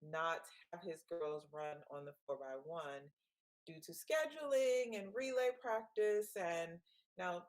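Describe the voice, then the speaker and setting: A woman's voice: fairly low pitch, slow pace. A woman co-hosting a casual sports chat, playful and gossipy, laughing often. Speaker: co-host.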